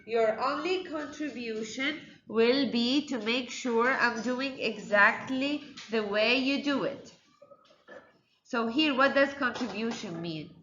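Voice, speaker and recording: Woman teacher, higher bright voice, unhurried, quizzing pupils; roomy classroom sound with a faint hiss. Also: dull audio. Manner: quizzing pupils, repeating their answers. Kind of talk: classroom lesson.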